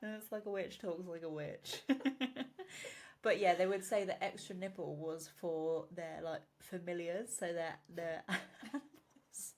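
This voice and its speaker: Giggly woman with a lowish voice. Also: a little slow, a little mellow. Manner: giggly, explains topics with loose asides. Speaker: podcast co-host. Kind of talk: casual chat.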